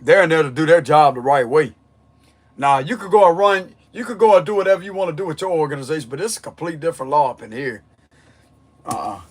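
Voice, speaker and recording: Delivering a tarot reading as a blunt, emphatic monologue, a fast-talking man with a fairly high voice repeats his points over and over, sounding strained and forceful.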